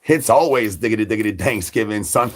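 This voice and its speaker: A man's voice: fairly low pitch, fairly quick. A man hosting a livestream, rambling in a hungry zombie persona with repetitive sing-song catchphrases and crude jokes. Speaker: livestream host.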